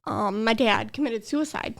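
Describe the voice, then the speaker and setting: A woman's voice: fairly high pitch, unhurried, gravelly. A young adult woman, a podcast guest, earnestly telling a personal story with emotion. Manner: earnest, emotional, tearful at times.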